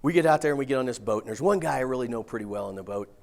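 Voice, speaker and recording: Middle-aged guy, folksy and animated, spinning a story on stage with some cussing. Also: mid-range voice, very fast, vocal fry. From Missouri. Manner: folksy, animated, casual swearing. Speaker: speaker. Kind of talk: storytelling keynote talk.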